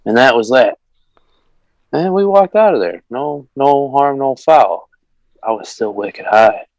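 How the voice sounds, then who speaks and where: A man's voice: mid-range voice, expressive, a little slow, darkish tone, dry recording, dull audio. A man telling a rambling story in a casual podcast chat, cursing freely and acting out the people he quotes. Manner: rambling, swears often, acts out quotes. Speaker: guest.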